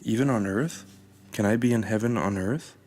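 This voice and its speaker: A man's voice: on the low side, moderate pace, a little mellow, lightly acted. A man voicing a small, anxious young soul in a storybook reading, with an earnest, questioning manner.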